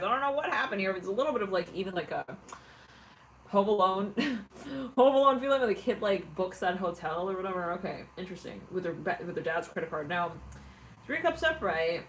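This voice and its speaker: A woman's voice: medium pitch, a little hiss or hum, rough recording. Chatty woman giving a tarot reading. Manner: chatty, rambling, laughs often, many fillers. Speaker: tarot reader. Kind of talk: casual intuitive tarot reading.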